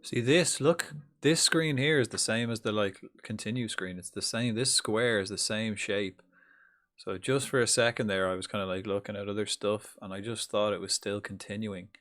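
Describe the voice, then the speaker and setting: A man giving casual, swear-laden commentary while playing a football management game live, reacting loudly to the match. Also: lowish voice, moderate pace, poor audio. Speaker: streamer.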